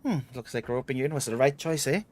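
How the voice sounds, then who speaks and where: A man's voice: medium pitch, animated, fast talker, darkish tone, slight background noise, natural voice. A man reading game dialogue aloud, voicing a playful older woman treasure hunter with a bad back, in a teasing, bossy manner.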